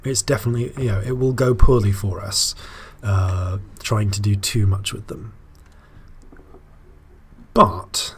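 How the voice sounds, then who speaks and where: A man's voice: on the low side, steady tone, a little slow, long pauses, a bit bright, slight background noise. A man hosting a let's play, thinking aloud in casual commentary with wry asides and frequent fillers.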